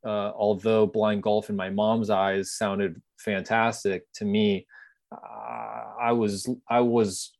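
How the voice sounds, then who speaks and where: Man, deep voice, close and dry sound, sincere interview guest recounting hard times. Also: flat delivery, slow pace, gravelly, a little mellow, no room sound. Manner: earnest, reflective storytelling. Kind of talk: conversational interview.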